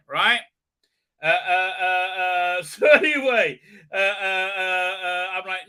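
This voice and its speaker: A man's voice: high-pitched, takes it slowly, pushed and bright, clear, resonant tone. A man hosting a live stream, chatting casually in a rambling, sarcastic and self-mockingly grumpy way, swearing freely.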